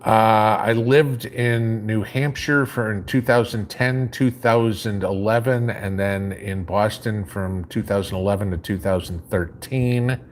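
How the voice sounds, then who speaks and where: A man with a faint Chicago accent, reading viewer comments aloud on a live stream and answering them in a relaxed, rambling way. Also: on the low side, measured pace, hardly any pauses. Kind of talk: casual live chat.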